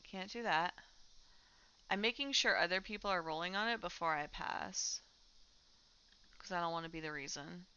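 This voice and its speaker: Woman streamer, chatty gaming talk, bright and smooth voice, dull lo-fi mic. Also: lowish voice, normal speed, pauses often. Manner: chatty, talks to her cat while playing. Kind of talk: casual chat while gaming.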